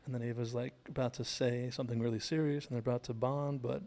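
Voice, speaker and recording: A man's voice: mid-range voice, steady tone, fast, few pauses, mellow. A man chatting through a TV episode scene by scene, recapping the plot and digressing along the way. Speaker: TV show analysis host. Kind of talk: casual scene-by-scene commentary.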